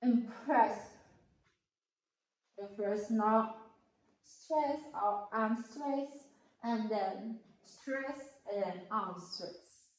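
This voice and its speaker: Slow, halting woman in an echoey room. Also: mid-range voice. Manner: slow, halting, careful over each word. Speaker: student presenter. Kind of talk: classroom explanation.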